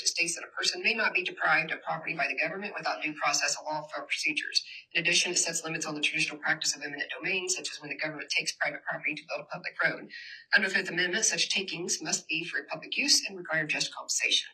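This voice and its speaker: Low husky woman giving a fired-up talk to a crowd, sharp bright tone. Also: poor audio. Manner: impassioned, addresses the audience directly. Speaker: community organizer giving a talk. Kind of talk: public presentation. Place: university hall.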